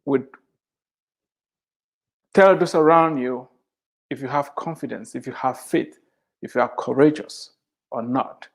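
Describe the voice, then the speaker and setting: Slow, emphatic male preacher. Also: mid-range voice, creaky. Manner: repeats scripture lines for emphasis. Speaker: Christian author and speaker. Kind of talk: devotional sermon.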